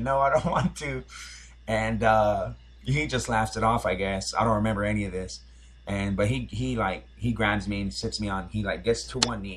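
Husky-voiced man telling a rambling story. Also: on the low side, fairly bright tone. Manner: rambling nostalgic storytelling with many fillers and restarts. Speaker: podcast host. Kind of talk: casual storytelling.

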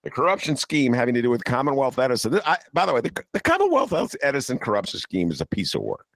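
A man's voice: medium pitch, huge pitch swings, fast talker, fairly bright tone, dry recording. An older man hosting a political talk show, sarcastic and ranting. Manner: sarcastic, ranting, mocks people in put-on voices. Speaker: podcast host.

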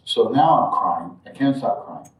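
A man with a low voice tells a personal spiritual story. He sinks to soft murmurs and then suddenly jumps up in pitch and volume as he acts out moments. The sound is roomy and the mic sits at a distance. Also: expressive, a little slow. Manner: reflective, drifts quiet then jumps loud when acting out moments. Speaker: spiritual teacher telling a story.

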